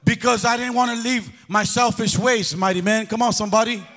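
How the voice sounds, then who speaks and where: A man's voice: very high voice, steady tone, brisk, a bit bright. A man preaching a sermon to a congregation, calling for responses and sometimes slipping into a sing-song cadence. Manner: call-and-response exhortation, breaking into sing-song. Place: church hall. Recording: long echo of a big hall.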